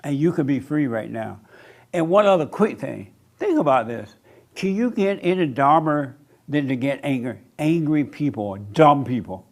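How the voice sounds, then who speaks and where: A man's voice: mid-range voice, vocal fry, a little mellow. A man preaching to a live audience, emphatic, repeating phrases and asking rhetorical questions, with teasing asides.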